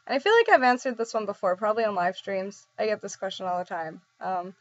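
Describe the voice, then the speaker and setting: A woman's voice: medium pitch, lively intonation, quick pace, no room sound. A young woman vlogging in a casual, rambling way, giggly and self-deprecating as she answers questions. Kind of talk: casual chat. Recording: dull dry lo-fi recording.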